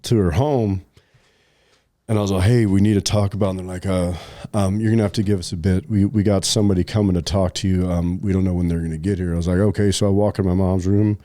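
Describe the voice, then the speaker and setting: A man's voice: sits low, fairly even intonation, fast, mellow, no echo. A middle-aged man telling a personal story in casual podcast chat, rambling with many fillers and restarts, sometimes choked up. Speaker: podcast co-host.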